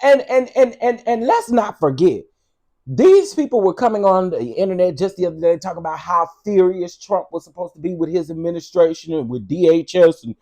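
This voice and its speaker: A man's voice: sits high, animated, fairly quick, warm tone. A man hosting a video, ranting in a casual commentary style, sassy, blunt and profane, talking straight to his viewers. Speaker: vlog host.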